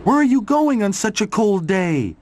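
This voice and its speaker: A man voicing a small, nervous male tractor who talks in a high, stammering voice. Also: sing-song, normal speed, darkish tone, a little hiss or hum. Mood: wondering. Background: background music.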